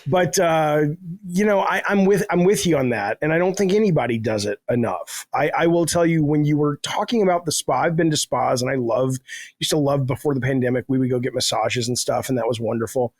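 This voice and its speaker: A man's voice: mid-range voice, fairly quick, no echo. A middle-aged man telling rambling, self-deprecating stories in a casual podcast chat, swearing freely. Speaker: guest, game developer.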